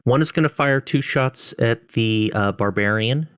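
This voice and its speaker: A man narrates monster turns as dungeon master, unhurried and full of hesitations. His voice is bone-dry and a little dull, as on an online voice call. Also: medium pitch, fairly bright tone, clean tone, no room sound. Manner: hesitant, many fillers. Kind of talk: narrating a tabletop game online.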